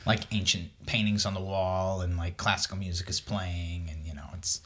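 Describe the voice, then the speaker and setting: A man with a bright, forceful voice, talking through a movie in casual podcast chat. He is animated and jokey and keeps breaking into quick impressions. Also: low-pitched. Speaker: podcast co-host.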